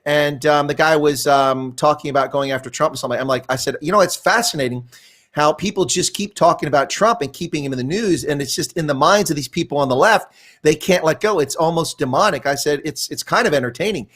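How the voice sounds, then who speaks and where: An older man answering as an interview guest, his voice pitched slightly high for a man. He tells his stories in a loose, rambling way, restarting sentences as his thoughts catch up. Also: fast talker, fairly bright tone. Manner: rambling storyteller, frequent restarts. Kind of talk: conversational interview.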